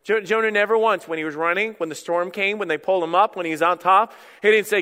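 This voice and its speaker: A high, bright male voice preaching an animated sermon. He acts out desperate inner voices and turns slow and low when he reads scripture. A long church-hall reverb trails his words. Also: clear, resonant tone. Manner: slows and drops his voice to read scripture. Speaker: pastor.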